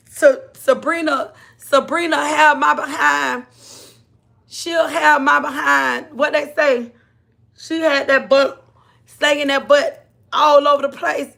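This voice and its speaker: A woman's voice: high-pitched, slow, gravelly, long pauses, bright, forceful tone. A woman hosting a casual livestream, chatting with viewers, laughing often and calling them honey and baby. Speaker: livestream host.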